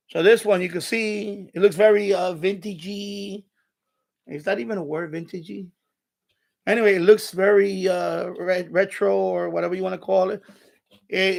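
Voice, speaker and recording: Man, live-stream host, high voice, gravelly fry, rambling, swears a lot, irritable, home radio room. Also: steady tone, moderate pace. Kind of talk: unscripted live stream demo.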